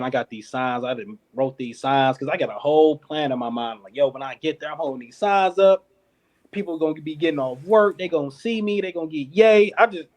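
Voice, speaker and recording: A man from Detroit tells a story at a medium pitch, in a loose, lively way. He laughs between lines and slips into other people's voices as he recounts what they said. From Detroit, United States. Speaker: podcast guest, clothing company founder. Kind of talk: casual storytelling.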